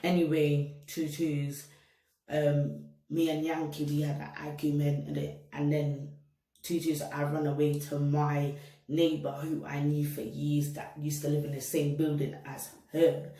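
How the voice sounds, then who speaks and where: A young woman laced talks straight to her viewers, animated and full of street talk as she tells her story. Her voice is mellow and warm, recorded in an echoey room a little way from the mic. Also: low voice, unhurried, recorded from a distance. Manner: animated, slangy, addresses viewers directly. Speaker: vlogger. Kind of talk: casual storytime monologue. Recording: roomy echo, set back from mic.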